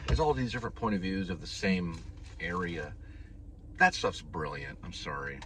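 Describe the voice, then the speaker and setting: Brief: deep-voiced male delivery driver, rambling mid-meal, heard through a distant camera mic with a noisy car behind him. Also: moderate pace, sharp tone. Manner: rambling, talks while chewing. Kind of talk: casual eating vlog.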